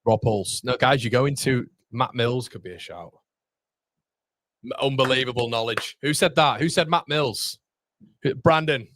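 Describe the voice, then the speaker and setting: A man chatting excitedly on a live stream, reacting to the chat and the football match as he watches. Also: medium pitch, measured pace, no echo, studio quality.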